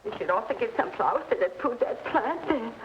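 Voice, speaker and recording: A woman's voice: on the high side, lively intonation, brisk, a loud crowd, lightly acted. An actress playing a fussy, gossipy woman customer in mourning in an old film, chatty and meddling. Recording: roomy, dull, noisy old film soundtrack.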